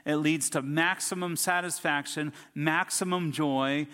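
Bright-voiced preacher man in a reverberant hall. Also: fairly high pitch, steady tone, unhurried. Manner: storytelling preacher, emphatic lists and rising outbursts. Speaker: pastor. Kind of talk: sermon.

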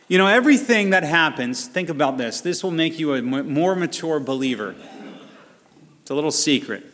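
A man preaching a sermon, animated and conversational, acting out voices and asides as he teaches. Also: on the high side, normal speed, long reverb tail. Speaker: pastor.

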